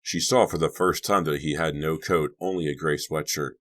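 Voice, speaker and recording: A man narrating a horror audiobook in a measured, suspenseful way. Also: very deep voice, steady tone, fairly bright tone. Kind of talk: scripted narration.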